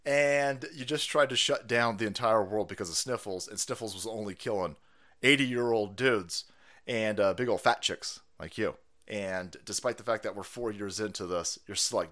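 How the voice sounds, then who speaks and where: A man hosting a political stream, ranting loudly and sarcastically with lots of swearing and mocking voices. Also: lowish voice, normal speed. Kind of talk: profane ranting commentary.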